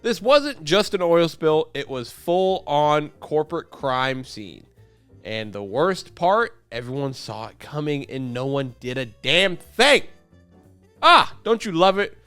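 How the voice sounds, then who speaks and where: A man's voice: a little high, sing-song, slow pace, fairly bright tone, clean tone, dry recording, soft background music. A young man hosting a video, reading a script aloud and breaking off for sarcastic jokes and chats with his dog. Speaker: YouTube host. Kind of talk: reading a script with joking asides.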